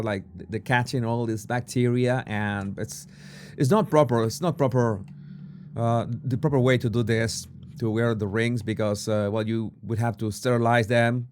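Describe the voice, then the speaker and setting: Halting, sarcastic male commentator. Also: medium pitch, fairly even intonation, darkish tone. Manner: halting and sarcastic, full of restarts. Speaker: body language commentator. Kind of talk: casual video commentary.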